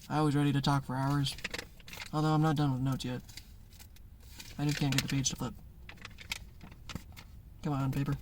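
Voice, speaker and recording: A man with a fairly high voice talks loosely to camera from his notes. He rambles in a conversational way. He acts out short voices inside his stories and laughs often. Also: a little hiss or hum. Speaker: spiritual content creator. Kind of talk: casual monologue.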